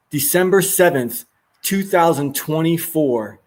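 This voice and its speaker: Man, stream host, crude jokes, fairly high voice, casual banter. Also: animated, moderate pace. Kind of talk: casual chat.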